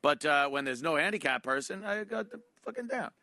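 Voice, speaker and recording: A man's voice: fairly high pitch, expressive, a little fast, creaky, pushed and bright, no echo. Profane, annoyed New man ranting. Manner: annoyed, profane, sarcastic storytelling. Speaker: show host. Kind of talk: comedic rant.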